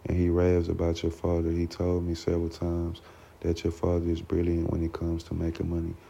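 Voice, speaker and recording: A man reading the lines of a gentle, encouraging schoolteacher father in his own deep, gravelly voice, on a dull lo-fi recording. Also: completely flat delivery, brisk. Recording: dull lo-fi recording with faint noise.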